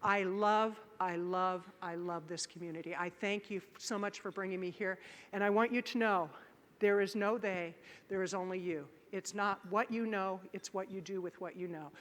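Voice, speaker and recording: A woman giving a motivational keynote in a large conference hall, telling a story with animated acted-out voices and shouts. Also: medium pitch, normal speed. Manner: animated, acts out voices and shouts in her stories. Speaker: keynote speaker. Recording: live conference hall with long reverb.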